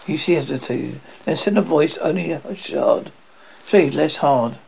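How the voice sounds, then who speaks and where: Horror reading narrator, a man with a gravelly, husky voice, dull lo-fi sound. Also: on the high side, slow pace. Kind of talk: dramatic reading of a classic horror story.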